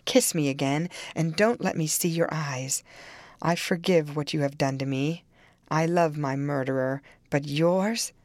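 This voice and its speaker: A woman's voice: low-pitched, unhurried, darkish tone, no room sound. A woman voicing a passionate, desperate dying young woman who sobs and pleads in an audiobook. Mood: sobbing pleading. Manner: sobbing, pleading, rising to shrieks. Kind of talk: audiobook character reading.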